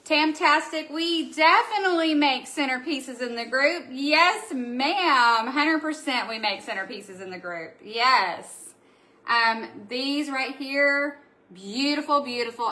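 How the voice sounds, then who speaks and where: A woman's voice: on the high side, bright, forceful tone. A woman hosting a live craft supply show, chatty and gushing as she reads out viewer comments. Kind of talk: casual live-stream product showcase. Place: indoor room at home.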